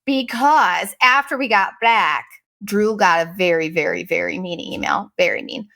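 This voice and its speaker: A woman hosting a podcast, telling a story in a casual, profane, animated way and mimicking the people she quotes. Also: fairly low pitch, normal speed, gravelly. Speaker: podcast host.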